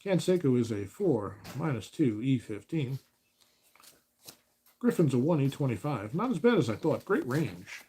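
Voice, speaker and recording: Man in a lively mock announcer voice. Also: mid-range voice, normal speed, breathy edge. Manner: relaxed mock announcer delivery, dry asides. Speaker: host of tabletop baseball replays. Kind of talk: casual play-by-play of a tabletop baseball game. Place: home.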